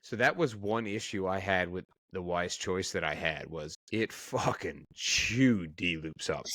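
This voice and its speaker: A man in a relaxed podcast chat with friends. His voice sits a bit low and is recorded dry and close. He laughs often and drops curse words without a second thought. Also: measured pace, no echo. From Canada. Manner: loose, laughing, swears freely. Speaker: podcast co-host. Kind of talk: casual chat.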